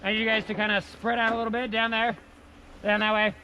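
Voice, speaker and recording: A male science teacher giving a playful, energetic hands-on lesson outdoors in the snow, repeating key words. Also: high voice, quick pace, slight background noise.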